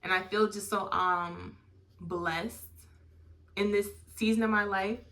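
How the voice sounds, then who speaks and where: A woman's voice: steady tone, slow pace. A young woman hosting a podcast, talking earnestly and candidly about her faith, with lots of likes and you knows. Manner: earnest and heartfelt, drifting from bursts to soft low lines. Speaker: podcast host. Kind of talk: candid faith-based personal talk.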